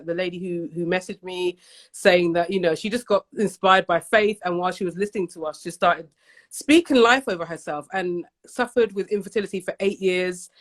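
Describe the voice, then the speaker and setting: A woman's voice: fairly low pitch, fairly bright tone. A British woman in her forties, a bubbly guest on a casual livestream, speaking over a video call. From United Kingdom. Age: 40s.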